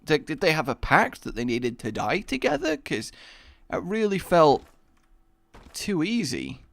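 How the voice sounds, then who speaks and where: Young gaming YouTuber, lively pitch swings, dry close mic, rambling and self-mocking. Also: male voice, unhurried, creaky, no echo. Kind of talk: Let's Play commentary.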